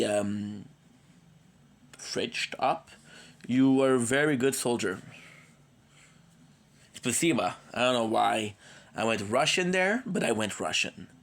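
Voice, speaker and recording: A tired man with a cold who streams, chatting casually and rambling with jokes to his viewers. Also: mid-range voice. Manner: rambling, joking. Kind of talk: casual live-stream chat.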